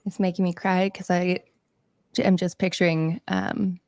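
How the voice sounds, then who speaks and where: A woman's voice: lowish voice, little pitch movement, moderate pace, darkish tone. A woman hosting a podcast interview, earnest as she leads the questions. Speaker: podcast host. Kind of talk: conversational interview.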